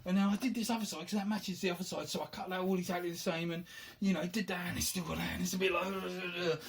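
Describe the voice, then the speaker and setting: A man with a high, steady voice talks quickly, with some vocal fry. He's a hobbyist showing off the box he made for a board game, rambling casually, thinking out loud and poking fun at himself in a relaxed show-and-tell.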